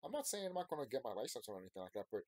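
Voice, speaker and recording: Man in his 30s, husky and lively, emphatic rambling monologue for subscribers, dry close sound. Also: mid-range voice, rapid-fire, no room sound. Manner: emphatic, rambling, repeats himself. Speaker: YouTuber. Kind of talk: casual unscripted monologue to subscribers.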